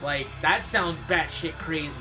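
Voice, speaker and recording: A man's voice: fairly high pitch, unhurried. A man streaming, chatting casually in a laid-back way, swearing often and laughing at his own stories. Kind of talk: casual rambling chat. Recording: music playing in the background. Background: music.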